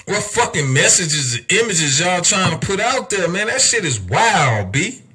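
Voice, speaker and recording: A man's voice: sits high, very animated, unhurried, bright, forceful tone, husky, faint music behind. A young adult man hosting a podcast, delivering a heated, profane rant full of rhetorical questions. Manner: heated, emphatic, heavy cursing, rhetorical questions. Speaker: podcast host.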